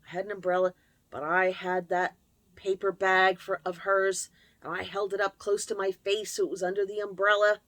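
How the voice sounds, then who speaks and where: A woman's voice: medium pitch, flat delivery, normal speed, fairly bright tone, dry recording. Woman opening up about her past, raw and reflective, dry close sound. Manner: candid, emotional, reflective. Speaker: channel host. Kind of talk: confessional personal storytelling.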